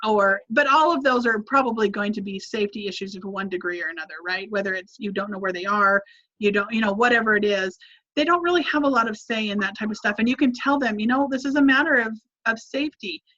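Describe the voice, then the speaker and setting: Woman parenting instructor, bright and high, chatty with restarts; muffled lo-fi sound. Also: quick pace. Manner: conversational, many restarts, models phrases to say to kids. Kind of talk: advice in a live Q&A.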